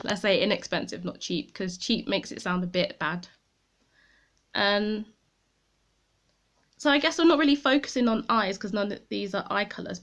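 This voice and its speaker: A fairly bright, mid-range female voice. She's a beauty vlogger giving a casual makeup review to camera, rambling along and commenting on herself as she tries each product.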